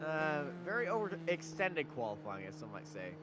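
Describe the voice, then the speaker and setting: A man commentating a sim race, calling qualifying and reading off the starting grid in brisk play-by-play. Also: on the high side, sing-song, background noise.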